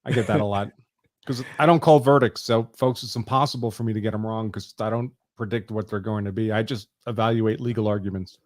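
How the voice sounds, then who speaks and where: Measured man talking law. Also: on the low side, fairly even intonation. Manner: measured, precise legal phrasing. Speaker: guest legal analyst. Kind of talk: casual livestream chat.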